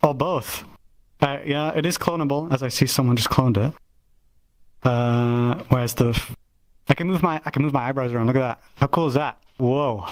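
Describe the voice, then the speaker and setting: A man's voice: medium pitch, normal speed. A man casually showing off an avatar he made, stammering, restarting and swearing offhandedly. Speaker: avatar creator presenting his work. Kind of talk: casual showcase chat.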